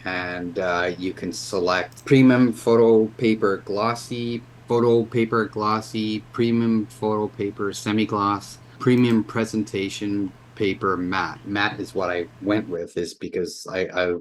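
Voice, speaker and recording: A man's voice: fairly low pitch, little pitch movement, a little slow, few pauses, a little hiss or hum. A man casually showing off his home photo prints, rambling and restarting his sentences, plainly impressed. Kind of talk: casual home video walkthrough.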